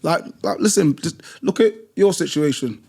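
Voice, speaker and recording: A British gym instructor talks in an emphatic, blunt way, hammering points home by repeating them. His voice sits a little higher than most men's. He tells his stories with drive and conviction. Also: animated, moderate pace, gravelly, darkish tone, slightly rough. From Britain. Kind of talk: passionate storytelling in conversation.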